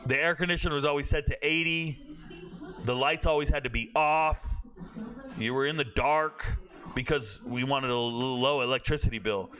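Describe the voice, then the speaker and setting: A young man streaming a football watch party, telling animated stories to his chat and swearing freely. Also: mid-range voice, normal speed, faint music behind. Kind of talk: casual chat.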